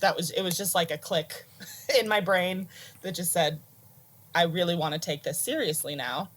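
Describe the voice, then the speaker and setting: An American woman telling stories in a casual, animated way and laughing often, heard over a video call. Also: on the low side, moderate pace, a little hiss or hum. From United States. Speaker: interview guest, flutist. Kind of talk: casual conversational storytelling.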